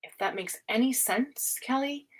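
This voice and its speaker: A woman with a fairly high voice gives a casual livestream tarot reading from home. She talks in an excitable rush, swears freely and laughs often. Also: unhurried, rough recording. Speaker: tarot reader.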